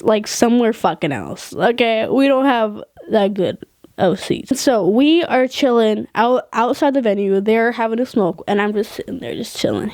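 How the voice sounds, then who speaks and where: A woman telling casual stories straight to camera, animated and swearing freely, laughing mid-sentence. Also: fairly high pitch. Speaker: vlogger. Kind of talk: casual storytelling.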